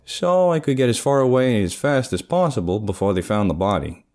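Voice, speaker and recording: A man narrating a dark first-person crime horror story in a casual, streetwise way. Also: mid-range voice, animated, brisk.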